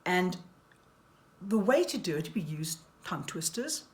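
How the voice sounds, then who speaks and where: Woman, voice coach, speech lesson, lowish pitch, demonstrates syllable drills, wry asides. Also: big pitch swings, measured pace. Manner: demonstrates tongue exercises aloud, wry asides.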